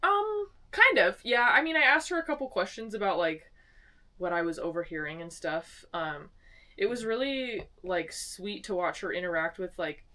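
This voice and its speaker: A woman's voice: mid-range voice, normal speed, recorded from a distance. A young woman from Arizona, co-hosting a podcast, telling stories in casual chat and acting out the quotes. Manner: storytelling, acting out quotes in lively voices. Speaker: podcast co-host. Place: small home studio.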